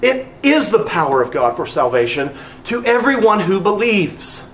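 A pastor preaching with a high voice that leaps up and down in pitch. He presses his points earnestly, repeating phrases for emphasis. His voice rings in a roomy, echoey sanctuary. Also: sing-song, normal speed, fairly bright tone, a little hiss or hum. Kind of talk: sermon.

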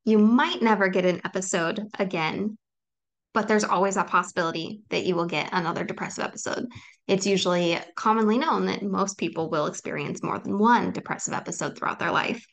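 A woman's voice: mid-range voice, brisk, gravelly. A woman hosting a solo podcast, talking earnestly and reassuringly to her listeners, with frequent ums. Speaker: podcast host. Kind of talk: personal solo podcast talk.

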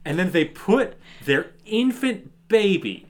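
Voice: medium pitch, very animated, takes it slowly. A podcast co-host recapping a movie in incredulous, swearing casual chat.

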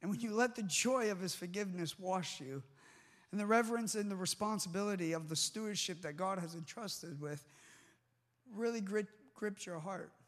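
A man's voice: sits high, moderate pace, a bit bright. A man preaching a sermon with fervent emphasis and restarts, before a live congregation in a large hall. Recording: long hall reverb.

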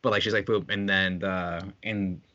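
A man's voice: sits low, steady tone, normal speed, bright, forceful tone, muffled recording. A man co-hosting a podcast, chatting casually about a film and tossing in joking asides. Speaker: podcast co-host. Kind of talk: casual film discussion chat.

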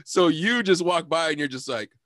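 A man telling a rowdy night-out story in casual chat, swearing and quoting people in sudden high voices, laughing often. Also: moderate pace, no echo, clean studio sound. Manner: animated storytelling, swearing, quoting people with big pitch jumps.

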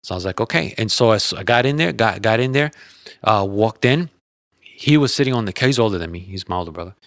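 A man with a fairly low voice tells a personal story in an easygoing, earnest way. He rambles, repeating words and restarting sentences as he goes. The sound is dry and close, with no room echo. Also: expressive, quick pace, fairly bright tone. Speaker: guest sharing a personal story. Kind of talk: casual storytelling.

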